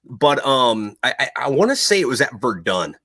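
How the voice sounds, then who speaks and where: Man, casual podcast host, bright forceful voice, rambling, profane, lots of fillers. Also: mid-range voice, moderate pace. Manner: profane, rambling, animated storytelling with many fillers. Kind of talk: casual chat, military history storytelling.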